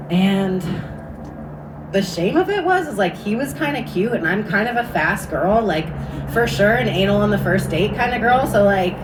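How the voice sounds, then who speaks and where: A woman telling a profane stand-up story, deadpan, with sudden drops to hushed asides. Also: mid-range voice. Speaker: stand-up comedian. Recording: distant room sound with audible noise.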